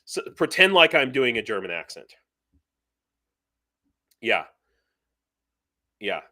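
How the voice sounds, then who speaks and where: A middle-aged man hosts a live stream, talking slowly in a mid-range voice. He's casual and animated, rambling with plenty of fillers and restarts.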